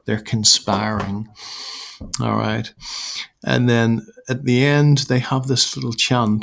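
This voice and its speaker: Croaky, gravelly male teacher. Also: mid-range voice, fairly even intonation, slow, fairly bright tone. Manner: explanatory, with many fillers and restarts. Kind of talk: recorded literature lesson.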